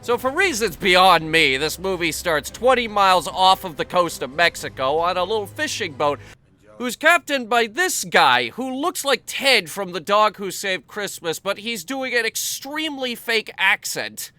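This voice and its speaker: A man narrates a comedic movie review with a biting, sarcastic edge and plenty of profanity. His voice is high for a man and bright and sharp in tone. Faint background music runs under him. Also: expressive, a little slow.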